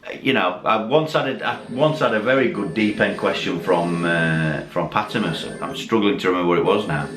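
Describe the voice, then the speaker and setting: In an echoey room with faint background noise, a deep-voiced man speaks at a moderate pace. He's a tipsy YouTube host chatting casually to camera at home, in dim light from Christmas lights, rambling, cursing and mocking himself.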